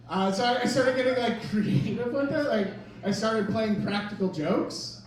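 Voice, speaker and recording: A man's voice: extremely high pitch, normal speed, hardly any pauses. A man in his thirties doing a self-deprecating, rambling stand-up set in a club, with laughter from the audience. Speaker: stand-up comedian. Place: comedy club stage. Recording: echoey club, mic from a distance, crowd.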